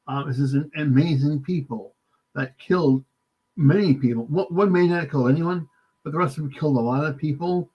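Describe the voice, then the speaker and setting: A man from the United States, guest author in an interview, halting and polite, often saying "sir". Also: on the high side, breathy edge. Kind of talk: casual interview. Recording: dull lo-fi remote line.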